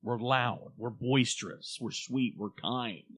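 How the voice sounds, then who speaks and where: A man's voice: mid-range voice, slow, a bit bright, breathy edge. Boisterous joking man. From Oklahoma. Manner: boisterous, joking, slips into comic voices. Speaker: podcast co-host. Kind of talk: casual chat.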